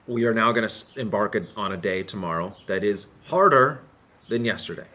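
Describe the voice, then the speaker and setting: A man's voice: lowish voice, a little fast, bright, forceful tone. A man who hosts a cycling channel, talking in earnest, reflective short phrases about a hard ride. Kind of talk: confessional vlog narration.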